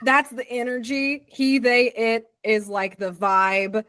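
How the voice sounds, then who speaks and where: A woman's voice: fairly high pitch, level tone, slow pace, fairly bright tone, no echo. A woman player in a tabletop game, playfully and animatedly describing her character in casual chat.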